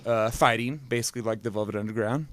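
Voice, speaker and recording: A man's voice: mid-range voice, fast talker, over a noisy crowd. A man, a musician guest, chatting casually and rambling with laughing asides. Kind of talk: casual chat.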